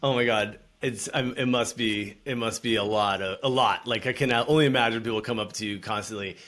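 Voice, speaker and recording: A man's voice: lowish voice, steady tone, a little fast, a bit bright. A man hosting a podcast interview, asking long, rambling questions that restart midway. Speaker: podcast host.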